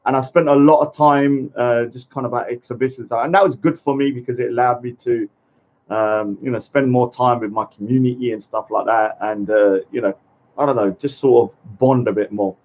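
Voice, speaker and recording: A man chatting casually on a live stream, rambling and halting with many fillers and greeting viewers by name. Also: mid-range voice, steady tone. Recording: muffled lo-fi stream audio.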